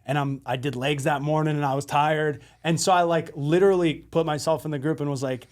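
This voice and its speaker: A man's voice: on the high side, steady tone, a little fast, hardly any pauses. Candid man with a lighter voice. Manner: candid, self-deprecating, swears casually. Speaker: podcast co-host. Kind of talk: casual conversation.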